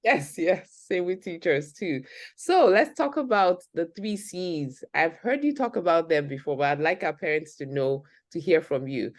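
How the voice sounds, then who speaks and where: A woman hosting an interview, warmly affirming her guest with short agreements and questions. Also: fairly low pitch, very animated, moderate pace, no echo, studio quality. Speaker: host.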